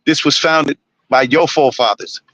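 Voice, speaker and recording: A man's voice: on the high side, fairly even intonation, normal speed, a bit bright, no room sound, lo-fi sound. A man ranting on a live stream, blunt and preachy, swearing constantly. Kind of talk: profane ranting monologue.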